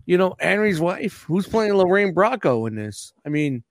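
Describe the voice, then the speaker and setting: A man's voice: sits high, normal speed. A man in casual podcast chat, rambling and swearing freely as he riffs with friends. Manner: rambling, profane, animated.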